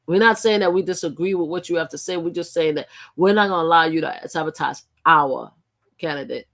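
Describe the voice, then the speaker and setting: A woman's voice: low voice, a little fast, a bit bright. A middle-aged woman hosting a live stream, talking in a rambling, emphatic way with frequent restarts. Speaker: livestream host. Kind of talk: casual live-stream commentary.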